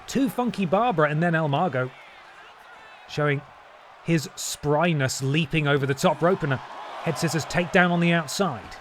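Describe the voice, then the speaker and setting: A man's voice: fairly high pitch, normal speed, a faint crowd, a little hiss or hum. A man, streaming a wrestling game and doing playful mock-announcer commentary with jokey asides. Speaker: gaming streamer.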